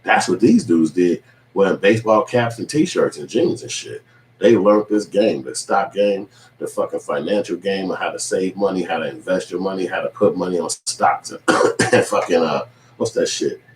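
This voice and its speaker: A man's voice: sits low, normal speed, far from the mic. A man hosting his own show, giving a loose, profane recap with acted quotes. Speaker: online show host. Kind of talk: casual recap monologue. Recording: echoey room with faint ambient noise.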